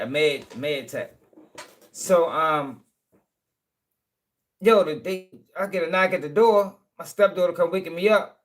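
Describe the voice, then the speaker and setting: A man's voice: on the high side, fairly bright tone. A man telling a long, rambling story in casual talk, full of swearing and check-ins with his listeners. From Baltimore, USA.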